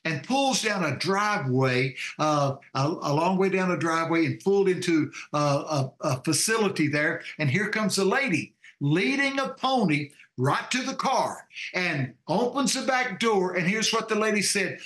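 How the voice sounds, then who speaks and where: An older man from Texas with a Texan accent, telling a personal story on a call-in show, animated and acting out voices with many fillers. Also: sits high, moderate pace, hardly any pauses, reverberant. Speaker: show co-host.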